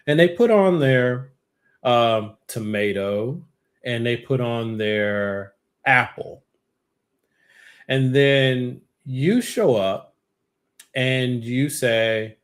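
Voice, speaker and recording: A man's voice: lively intonation, measured pace. Impassioned man hosting political commentary. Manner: impassioned, rhetorical, pitch rising when worked up. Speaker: show host.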